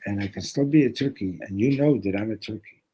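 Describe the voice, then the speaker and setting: A man voicing a calm, wise old man in a told fable, speaking patiently and reasoning gently. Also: lowish voice, fast, husky, poor audio.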